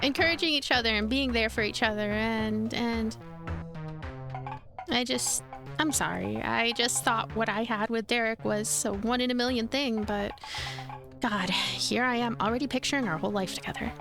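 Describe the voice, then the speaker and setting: A woman's voice: on the high side, normal speed, over music, natural voice. A woman voicing a rambling, eager prisoner cellmate in a darkly quirky game. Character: chatty quirky prisoner cellmate, clingy and morbid.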